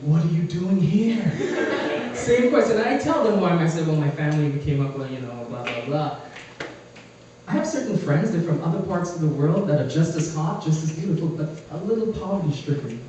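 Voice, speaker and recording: A man from the Caribbean doing a stand-up comedy set in a small club, brash and profane, acting out quick voices mid-joke. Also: fairly high pitch, animated, warm tone, far from the mic. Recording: echoey room, mic heard from afar.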